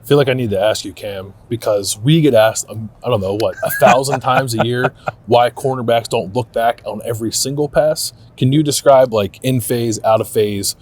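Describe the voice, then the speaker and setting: A man co-hosting a sports podcast, asking relaxed, loose questions with fillers. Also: medium pitch, moderate pace. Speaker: podcast co-host. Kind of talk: casual sports podcast chat.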